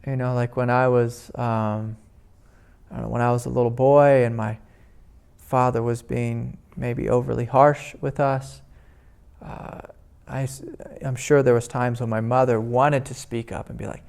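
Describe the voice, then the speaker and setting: A man, a spiritual teacher, giving a gentle, rambling talk at a meditation retreat, full of "you know" fillers. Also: mid-range voice, level tone, unhurried, creaky, clear, resonant tone. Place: indoor retreat meeting room.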